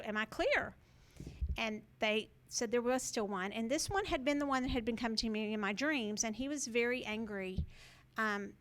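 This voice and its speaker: A woman's voice: a little high, a bit bright. A woman hosting a show, telling a personal story to viewers in a rambling, earnest way with many fillers and restarts. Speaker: show host.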